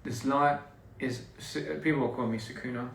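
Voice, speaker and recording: A man chatting slowly and reflectively on a casual live stream, often trailing off into mumbles. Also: mid-range voice, fairly even intonation, fairly bright tone, roomy sound, distant mic, a little hiss or hum. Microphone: phone.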